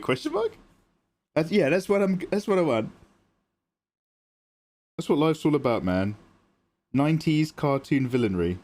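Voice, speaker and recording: During a drawing livestream, a British art streamer chats playfully with viewers, cracking jokes and thanking people by name. His voice is fairly high and a little mellow.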